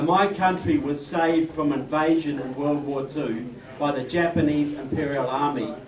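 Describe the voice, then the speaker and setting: A man with a New Zealand accent giving an emphatic political speech to an audience, joking and calling them folks. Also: a little high. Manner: emphatic, jokey, addresses crowd as folks. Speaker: guest speaker. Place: indoor event room. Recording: distant roomy mic with crowd.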